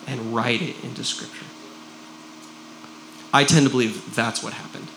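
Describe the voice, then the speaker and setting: A man preaching a sermon to a congregation, animated and jokey, with frequent "right?" asides. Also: mid-range voice, unhurried, long pauses, a little hiss or hum. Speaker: pastor. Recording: roomy echo.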